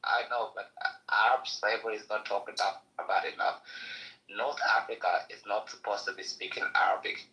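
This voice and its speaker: A man's voice: fairly low pitch, fairly even intonation, normal speed, bright, forceful tone, rough recording. A man arguing bluntly and insistently as a debate panelist, swearing freely. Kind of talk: heated debate.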